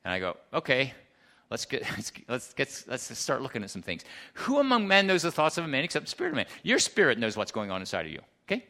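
A man preaching a sermon, emphatic, swinging between loud declarations and hushed asides and asking the congregation questions. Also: medium pitch, huge pitch swings, fast talker. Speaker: pastor.

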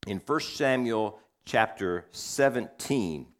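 A man's voice: deep voice, animated, moderate pace. A middle-aged man preaching a sermon, telling a family story in a conversational way and acting out the voices of his family.

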